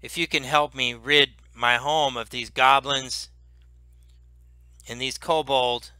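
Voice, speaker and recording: Man doing a slow, wary old dragon. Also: medium pitch, steady tone, sharp tone, clean tone, no echo, exaggerated voice.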